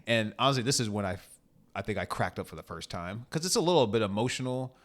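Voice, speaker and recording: Laughing bright-voiced man reviewing a film. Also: fairly low pitch, quick pace. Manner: animated, laughs often, acts out scenes. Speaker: podcast co-host. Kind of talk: casual movie review chat.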